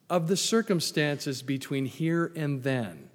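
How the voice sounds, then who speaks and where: A man's voice: fairly high pitch, lively intonation, unhurried, few pauses, big-room sound. A man preaching a sermon as pastor, emphatic, repeating key phrases and putting questions to the congregation.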